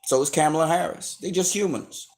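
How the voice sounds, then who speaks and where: The voice is fairly high, a little fast and a little mellow: an online commentator ranting to his viewers without a script. He lectures and warns them with blunt, heavily profane, emphatic slang that keeps getting more heated.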